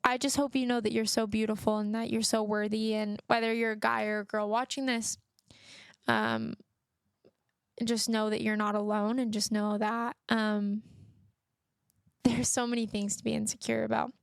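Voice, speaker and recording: A woman's voice: on the high side, gravelly, clear, resonant tone, no echo, studio quality. A young woman hosting a solo podcast, speaking earnestly and encouragingly with plenty of fillers. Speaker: podcast host.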